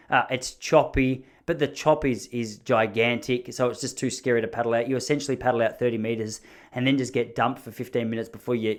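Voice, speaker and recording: An Australian man hosting a podcast, telling stories in a casual, rambling, self-deprecating way. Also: medium pitch. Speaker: podcast host. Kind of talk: casual storytelling monologue.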